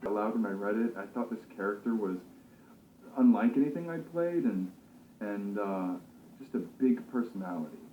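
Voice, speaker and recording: A male actor talking about his role in a casual interview, thoughtful and relaxed, with many fillers and restarts. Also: lowish voice, moderate pace, slight background noise. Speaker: actor discussing his character. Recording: slightly dull, roomy recording.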